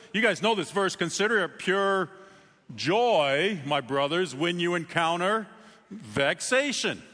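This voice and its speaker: A man preaching a sermon in a conversational way, with sudden emphatic rises in pitch. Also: sharp tone, in a large hall. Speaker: pastor.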